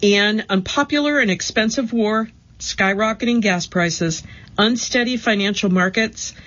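A woman giving a steady, measured scripted narration of magazine articles. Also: mid-range voice, muffled recording.

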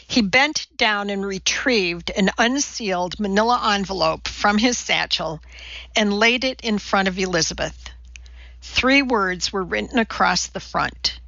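A woman narrating a novel in an even storytelling voice, slightly muffled. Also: medium pitch, measured pace, creaky, no room sound. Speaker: audiobook narrator. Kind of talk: scripted narration.

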